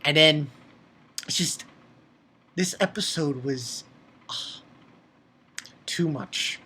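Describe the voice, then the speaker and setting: A man casually recapping an anime episode in an excitable way, swearing and stumbling over fillers and restarts. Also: fairly high pitch, drawn-out words, slight background noise.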